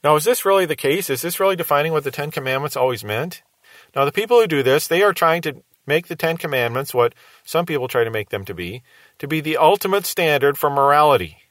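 An earnest man teaching scripture on his radio program, his voice pitched a little high. He argues through rhetorical questions addressed to his listeners. The sound is dry and close, with no room echo. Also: animated, quick pace, a bit bright.

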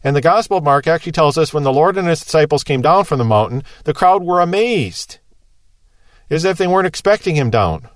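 Male preacher, sermon, conversational and explanatory, slightly high voice, dry close sound. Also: lively intonation, fairly quick, no room sound. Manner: conversational, explanatory, rhetorical questions.

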